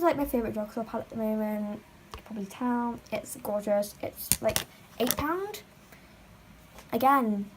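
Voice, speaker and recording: Chatty teen girl, slightly high. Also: slight background noise, low-quality recording. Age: teens. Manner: chatty, rambling, lots of "like". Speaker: beauty vlogger. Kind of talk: makeup tutorial chat. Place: home.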